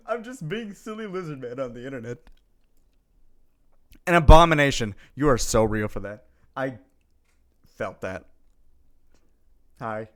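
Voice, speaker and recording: Streaming live, a man chats casually with viewers, reading their messages aloud and greeting them playfully amid lots of giggling and sudden bursts of excitement. His voice is mid-range, his pace measured, with long pauses.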